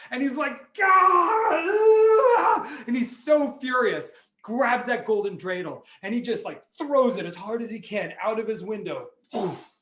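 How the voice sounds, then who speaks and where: A high-pitched man telling a story with big swings in his voice, bursting into sound effects and little character voices. He comes through a video call from an echoey room. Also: expressive, moderate pace, few pauses. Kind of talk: animated storytelling for families.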